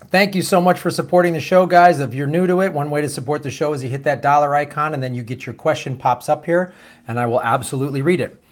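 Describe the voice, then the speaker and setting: A man hosting a live stream with a voice that sits a bit high for a man. He reads out viewer comments and questions in a loose, jokey way, swearing now and then and trailing off into asides and fillers. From United States. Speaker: host of a political show.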